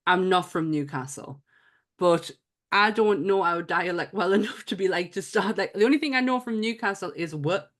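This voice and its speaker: A woman's voice: fairly low pitch, moderate pace. A woman from Sunderland with a Mackem accent, co-hosting a podcast in casual, laughing chat and swearing freely. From Sunderland, northeast England. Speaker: podcast co-host.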